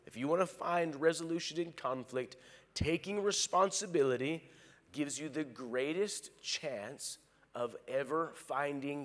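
A male pastor preaching a sermon, animated, acting out quoted lines. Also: a little high, in a large hall. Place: large church hall.

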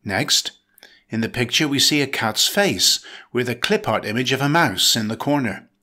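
A man reading a scripted vocabulary lesson, with clear and measured delivery. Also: medium pitch, expressive, pushed and bright. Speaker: vocabulary teacher. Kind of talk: scripted dictionary narration.

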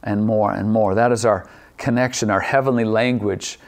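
A man preaching a sermon as pastor, repeating key phrases and asking the same question again and again, slowing down to stretch out certain words. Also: on the low side, fairly even intonation. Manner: poses repeated rhetorical questions; shifts pace, drawing some words out.

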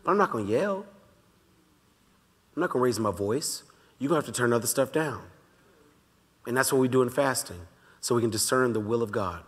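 In a church sanctuary, a pastor with a mid-range voice leads a relaxed Bible study, speaking directly to the congregation. He repeats his key lines slowly, and the large hall gives the audio a long reverb.

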